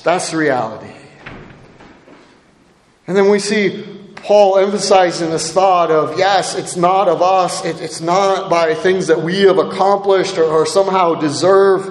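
A man with a high voice preaches a sermon in a loose, conversational way, often tossing in "right?" to the congregation. His voice rings through a church hall with a long, echoing reverb. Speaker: pastor.

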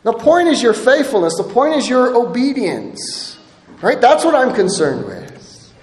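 High-voiced man preaching in an echoey hall. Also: very animated, a little slow. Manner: emphatic, keeps asking "right?". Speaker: pastor. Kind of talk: sermon. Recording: echoey hall with long reverb.

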